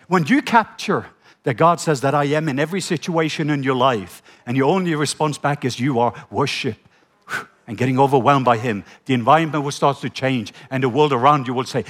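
A man from Norway preaching a sermon in his second language, animated and acting out the voices in his retelling, with stammers. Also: mid-range voice, a little fast. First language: Norwegian.

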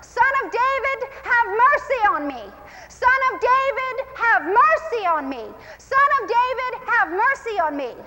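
A woman voicing a blind male beggar, calling out loudly and pleading. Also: extremely high pitch, sing-song, a little slow, muffled recording, heavy background noise, voice pushed up, full character voice. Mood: pleading cry. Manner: pleading loud cries.

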